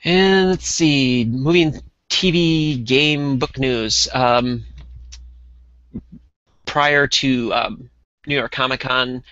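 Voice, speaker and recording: A man co-hosting a casual hobby podcast, talking in a relaxed way with lots of ums and uhs. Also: medium pitch, slow pace, pauses often, smooth, dull audio. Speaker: podcast co-host.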